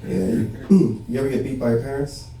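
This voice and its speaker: The Los Angeles comedian speaks at a normal speed with a medium-pitched, mellow voice and fairly even intonation, delivering a casual, profane stand-up set of stories punctuated by "right?". The barbershop comedy show is captured by a faraway mic in a very echoey room, with a little hiss or hum.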